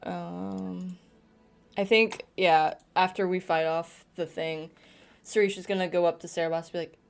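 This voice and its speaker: A woman playing a tabletop game who calmly explains her character's moves. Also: on the low side, moderate pace, creaky, clean tone. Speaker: player. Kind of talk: casual tabletop play.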